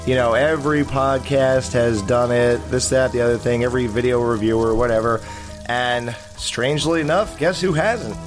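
A man's voice: mid-range voice, moderate pace, over music. A man hosting a podcast in casual chat, rambling with many fillers and restarts. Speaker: podcast host.

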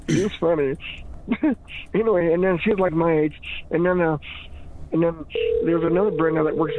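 A podcast regular with a slightly high voice chats in a rambling, giggly way, often restarting his sentences and laughing. He talks at a moderate pace with fairly even intonation and long pauses, over a tinny, phone-like recording with a little hiss or hum.

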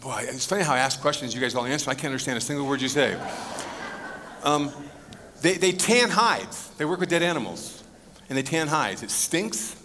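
A man's voice: medium pitch, expressive, normal speed, bright, forceful tone, slight background noise. Guy preaching a bible sermon in a church, bouncy up-and-down delivery, chatty with the crowd, big hall echo. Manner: conversational, asks the congregation questions, joking asides. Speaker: pastor. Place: church sanctuary with a live audience. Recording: long reverb of a church hall.

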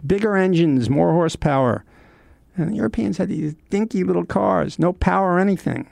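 An older man from the United States reminiscing in a rambling, wry monologue with frequent pauses. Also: on the high side, lively intonation, gravelly, darkish tone, no echo. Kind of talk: reflective monologue.

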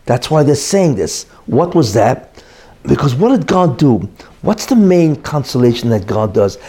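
A middle-aged religious teacher gives a Torah lesson in a warm, mid-range voice with big pitch swings and a measured pace. He is emphatic, repeating key points and posing rhetorical questions he then answers himself.

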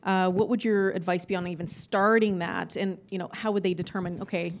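A woman's voice: medium pitch, steady tone, fairly quick. A woman moderating a live conference panel, asking long conversational questions.

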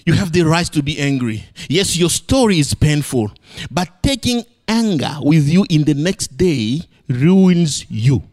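Unhurried yet animated, this man preaches a playful sermon that shifts between high exclamations and low, emphatic delivery.

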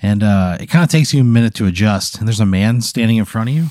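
Podcast host, man, warm low-key voice, rambling improv storytelling, dry mic. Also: expressive, fast, no room sound. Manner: meandering, lots of "like", throat clearing.

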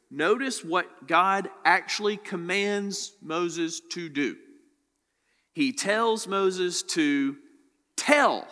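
A man's voice: on the high side, sharp tone, in a large hall. A man preaching a sermon. He reads scripture aloud, then explains it with rising emphasis. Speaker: pastor.

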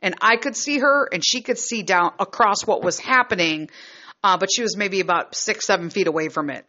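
A middle-aged woman tells her story in a frank, heated and profane way. Her voice is bright and edged, and the recording is a little muffled and lo-fi. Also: medium pitch, fairly quick. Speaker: vlogger and mother. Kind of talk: casual storytelling.

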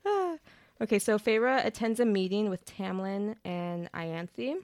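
A woman's voice: medium pitch, animated, slow pace, darkish tone, no room sound. A young woman co-hosting a podcast, chatting casually as she recaps a book plot with slang and frequent laughter. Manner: bubbly, laughs often, retells plot with slang. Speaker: podcast co-host.

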